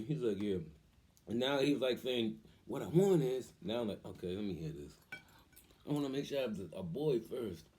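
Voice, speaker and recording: Middle-aged man, dark mellow tone, casual animated storytelling, acts out quotes. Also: fairly low pitch. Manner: animated, acts out quoted voices, laughs often. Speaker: vlogger, father.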